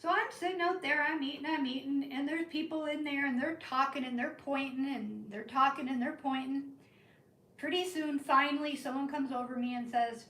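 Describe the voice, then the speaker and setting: A woman telling a rambling story to her live chat from the northern United States, in an animated, chatty way. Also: high-pitched, normal speed. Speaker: live-stream crafting host. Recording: roomy, from a distance.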